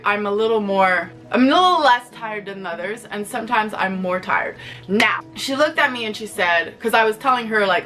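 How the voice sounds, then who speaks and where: Bright-voiced young woman rambling candidly. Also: a little high. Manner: rambling, frequent "like" fillers and restarts. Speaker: vlogger. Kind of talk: candid personal confession to camera. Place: at home.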